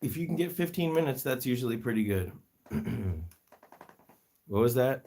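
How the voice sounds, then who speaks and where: A man's voice: mid-range voice, expressive, moderate pace, mellow. A man hosting a casual livestream, talking fondly to his guinea pigs and his viewers, often breaking into laughter. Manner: chatty, fond baby-talk to his pets, laughs often. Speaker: guinea pig rescue livestream host.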